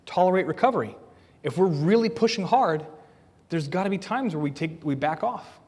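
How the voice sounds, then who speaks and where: A man's voice: sits high, expressive, moderate pace, darkish tone, husky. A man preaching a sermon as a pastor, earnest and plain-spoken, asking the congregation questions as he teaches. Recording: long reverb of a church hall.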